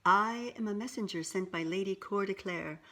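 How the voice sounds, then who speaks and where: A woman's voice: mid-range voice, normal speed, fairly bright tone, close to an everyday voice. Storybook messenger, young man, courtly and formal, woman reader voicing.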